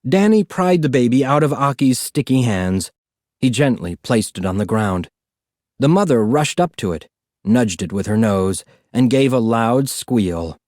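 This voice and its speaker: A man narrating a storybook in an expressive, animated reading. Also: mid-range voice, measured pace, no echo, studio quality. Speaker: audiobook narrator.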